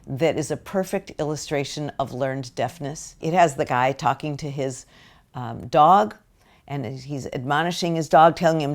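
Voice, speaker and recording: An older American woman giving a parenting lecture, speaking slowly and deliberately, with brief acted-out quotes of parents. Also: low voice. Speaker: parenting educator.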